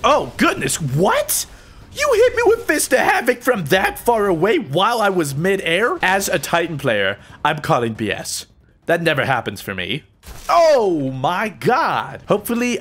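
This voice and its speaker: A man giving excitable live gameplay commentary, joking and trash-talking opponents as he plays. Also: a little high. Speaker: gaming channel host.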